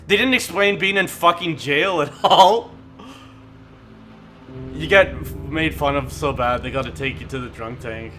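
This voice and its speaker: A man's voice: fairly high pitch, unhurried, bright, forceful tone, faint music behind. Crude joking male game streamer. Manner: crude, joking, laughs a lot. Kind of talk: crude comedic game commentary.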